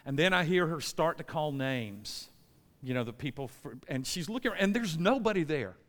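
A man's voice: a little high, animated, normal speed, fairly bright tone. An American man preaching a sermon in a church, telling a story with lots of energy and checking in with the congregation. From United States. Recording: long reverb in a church hall.

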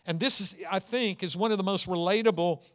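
A man's voice: high voice, a little fast, fairly bright tone. A man preaching a conversational sermon, telling stories and stressing key words. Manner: conversational, storytelling with dynamic emphasis. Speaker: pastor.

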